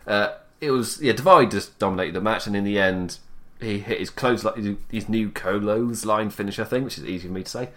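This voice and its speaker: A young man with a slightly low voice gives a casual spoken recap. He keeps it loose and chatty, laughs often, and acts out quoted lines in playful mock voices. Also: a little fast, pushed and bright. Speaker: wrestling show reviewer.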